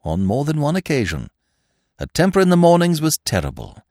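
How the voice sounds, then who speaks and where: A man doing a suave, long-winded gentleman. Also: on the high side, huge pitch swings, a little fast, no echo, clean studio sound, voice pushed up. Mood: mock-solemn. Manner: ornate, grave and mock-sincere. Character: suave, verbose young gentleman, mock-solemn.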